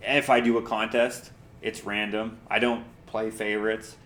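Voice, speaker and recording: A man with a fairly low voice co-hosts a podcast, talking through his thoughts in long, easygoing run-on sentences. The recording carries a roomy echo. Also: flat delivery, moderate pace, fairly bright tone, slight background noise. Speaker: co-host. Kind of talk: casual chat.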